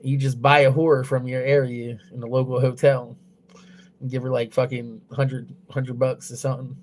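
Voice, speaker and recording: A young man talks casually on a livestream at a middle pitch. He is crude and blunt, swears in nearly every sentence, and rambles with restarts. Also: level tone, normal speed, darkish tone. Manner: loose, rambling delivery with restarts.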